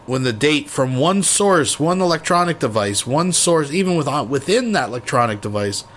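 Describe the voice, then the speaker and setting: A man's voice: on the high side, animated, normal speed, a bit bright, slight background noise. A man hosting a commentary stream, mocking a played clip in a sarcastic, profane way. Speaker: reaction commentary host.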